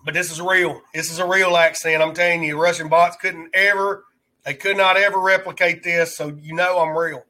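Alabama redneck twang guy on a livestream, kinda high bright voice, rambles and shouts out the chat. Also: level tone, normal speed. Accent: Alabama Southern rural twang. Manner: rambling, greets viewers in chat, joking asides. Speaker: livestream host. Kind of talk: casual live-stream chat.

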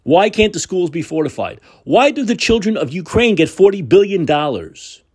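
A man's voice: high voice, sing-song, normal speed, a little mellow, breathy edge. A man hosting a political talk show, delivering a combative, sarcastic monologue with profanity. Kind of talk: opinionated monologue.

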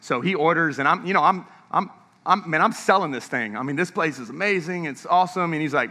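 Pastor, man, high bright voice, energetic storyteller preaching in a reverberant sanctuary. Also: fast. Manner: energetic storytelling, laughing often. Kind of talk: sermon. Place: church sanctuary. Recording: long echo of a large church hall.

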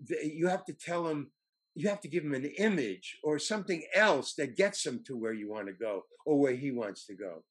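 An older man, an actor, telling anecdotes in a halting way, with many fillers and restarts. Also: on the high side, animated, slightly rough. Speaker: actor guest. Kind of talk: anecdotal storytelling.

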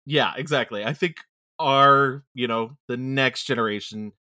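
A man chatting as a podcast guest, animated, laughing often and restarting his sentences. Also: medium pitch, measured pace, no room sound, studio quality. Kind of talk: casual chat.

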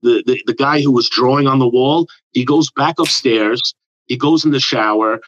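At a moderate pace, a man with a mid-range voice, a comedian guest from around New York, rambles through a profane story in relaxed podcast conversation. He's animated and uses put-on quotes, all in a dull, dry, lo-fi recording.

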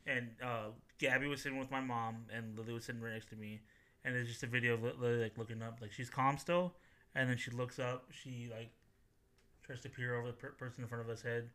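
A man in his thirties co-hosting a podcast, who chats casually with friends and tells relaxed family stories, quoting his daughters. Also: medium pitch, fast talker. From Texas. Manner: relaxed storyteller, quotes his young daughters. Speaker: podcast co-host. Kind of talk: casual chat among friends.

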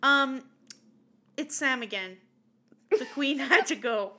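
Woman podcast co-host, bright and lightly high voice, giggly, rambling. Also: slow. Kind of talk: casual chat.

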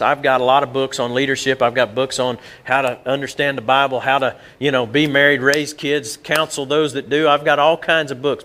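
Pastor guy preaching to his church, kinda high voice, talks casual and keeps restarting. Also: fairly bright tone. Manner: conversational, repeats words and jumps back and forth. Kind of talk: sermon. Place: church sanctuary.

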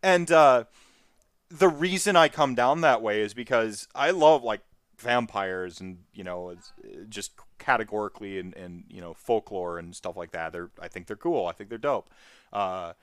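This podcast co-host speaks at a normal speed in a clear, resonant voice, yet still rambles animatedly through casual chat. His pitch jumps, he loops back over what he said, restarts sentences and stacks up fillers, all recorded dry and close with no room sound.

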